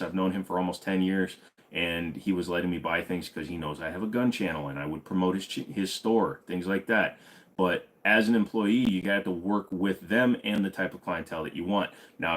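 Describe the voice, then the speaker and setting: A man's voice: sits low, fairly bright tone. A man hosting an unscripted live stream, chatting and joking casually, greeting viewers by name and rambling on. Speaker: livestream host of a gun channel.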